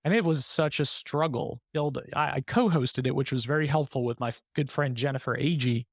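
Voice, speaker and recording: A man's voice: medium pitch, a little fast, dry recording. Candid male podcast host, dry sound. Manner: open, reflective, frank about struggles. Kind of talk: candid conversational podcast talk.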